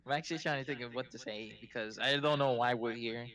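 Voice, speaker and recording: A man takes his turn as a player in a tabletop game, speaking haltingly. His voice sits at an ordinary pitch, and he fills his pauses with uh and um. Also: a bit bright. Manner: hesitant, lots of fillers.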